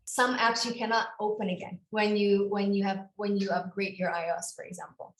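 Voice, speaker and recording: A woman presenting on a video call, answering questions in a friendly, halting way. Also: mid-range voice, flat delivery. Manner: friendly, hesitant, many fillers. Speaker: webinar presenter. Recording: roomy echo.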